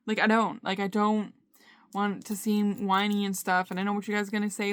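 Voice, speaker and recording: A young woman talks into her phone camera for a personal video diary, speaking in a middle-pitched voice. She talks haltingly, stopping and restarting often. The room sound is dry and close. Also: level tone, a bit bright, clear, resonant tone, no room sound. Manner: halting, frequent fillers and restarts. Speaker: vlogger.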